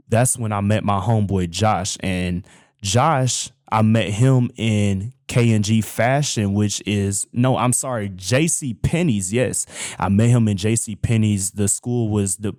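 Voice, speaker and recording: Low-voiced young man telling stories. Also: darkish tone, dry recording, clean studio sound. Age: young adult. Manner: chatty, addresses listeners as "y'all". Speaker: host. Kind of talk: casual personal storytelling.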